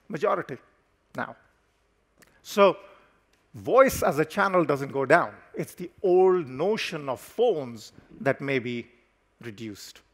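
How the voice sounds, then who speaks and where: Measured man giving a keynote. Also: a little high, fairly bright tone. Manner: measured, explanatory, stresses key words with pauses. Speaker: company CEO giving a keynote. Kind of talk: conference keynote talk. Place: conference stage.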